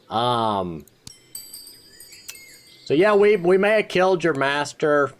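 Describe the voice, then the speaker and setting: A man's voice: on the high side, expressive, a little slow, long pauses, slight background noise. A man casually commenting as he plays a fantasy game, joking and talking to the characters. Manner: playful, chatty, talks to the game characters. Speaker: let's play host.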